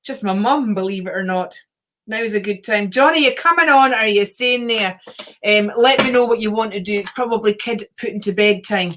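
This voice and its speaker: A woman's voice: mid-range voice, normal speed, fairly bright tone, slight background noise. A woman hosting a casual livestream as a psychic reader, chatty, laughing often and greeting viewers by name.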